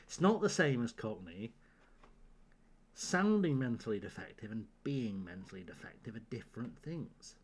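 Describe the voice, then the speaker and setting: A man's voice: on the low side, sing-song, a little slow, pauses often, slight background noise. Tired man joking on a late-night stream. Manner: joking banter with chat, frequent laughter, rambling. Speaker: live-streaming gamer. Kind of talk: casual live-stream chat. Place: at home.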